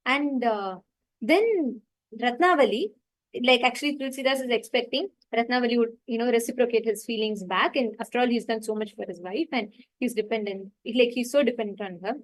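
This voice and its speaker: Casting: high-pitched woman, earnest spiritual storyteller, loose and unscripted. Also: fairly quick, poor audio. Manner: earnest, many fillers like "like" and "you know".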